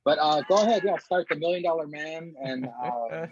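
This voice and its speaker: A man's voice: fairly high pitch, normal speed. A man hosting a casual wrestling podcast, blunt and joking and swearing freely. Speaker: podcast host. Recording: dull dry lo-fi mic.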